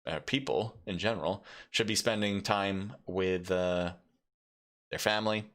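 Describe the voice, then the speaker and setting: A man casting a live mobile esports match solo, chatty and rambling, with lots of fillers and sudden bursts of excitement. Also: deep voice, unhurried. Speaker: esports caster and streamer. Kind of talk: solo live game commentary.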